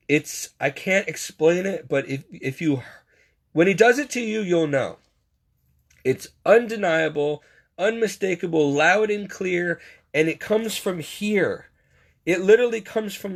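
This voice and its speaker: A man giving a casual, rambling faith monologue, poking fun at himself and chuckling as he talks. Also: fairly high pitch. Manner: rambling, self-mocking storyteller; frequent chuckles.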